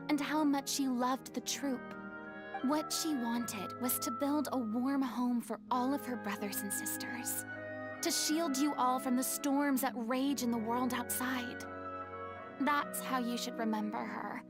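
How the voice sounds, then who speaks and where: An actress voicing a young woman who firmly lectures a quarreling stage troupe in a game scene. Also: sits high. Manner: firm, lecturing. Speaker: troupe mediator. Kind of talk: game voice acting. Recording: game music underneath. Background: music.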